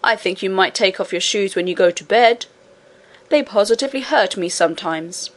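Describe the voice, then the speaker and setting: A woman's voice: medium pitch, lively intonation, normal speed, natural voice. A woman voicing a henpecked male goblin king who complains and pleads with his queen. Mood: complaining. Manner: pleading, wheedling.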